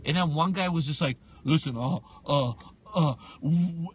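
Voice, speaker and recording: A man co-hosting a casual podcast, telling a story with lots of energy, acting out both sides of the talk and sometimes breaking into shouts. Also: fairly high pitch, unhurried, husky, muffled recording. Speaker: podcast co-host.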